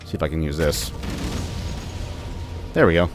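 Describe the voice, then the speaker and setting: Over music, a young man with a very deep voice jokes around at a moderate pace while playing a video game, chatting to the enemies on screen. It's casual let's-play commentary from a gameplay commentator.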